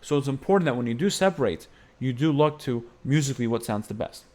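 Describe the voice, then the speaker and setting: A man's voice: medium pitch, animated, fast talker, mellow. A man teaching Byzantine-style chant phrasing, explaining patiently and singing short phrases to demonstrate. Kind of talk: music lesson with sung demonstrations.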